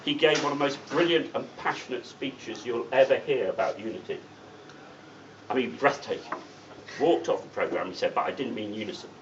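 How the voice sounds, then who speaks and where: A man's voice: medium pitch, normal speed, recorded from a distance. A middle-aged man addresses a meeting, blunt and wry, dropping sardonic asides between his points. He sounds set back from the microphone, and the sound is dull. A faint hiss sits under his voice. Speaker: guest speaker at a political meeting. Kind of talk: political speech. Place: meeting room.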